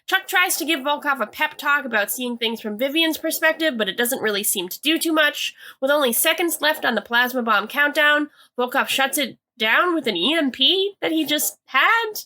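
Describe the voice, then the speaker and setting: A young woman with a bright, slightly high voice chats through a TV recap. She hedges with "like" a lot and trails into asides. It's a relaxed podcast conversation. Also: moderate pace, hardly any pauses. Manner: chatty, hedging with "like", reads quotes aloud. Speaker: podcast co-host. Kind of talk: casual episode recap.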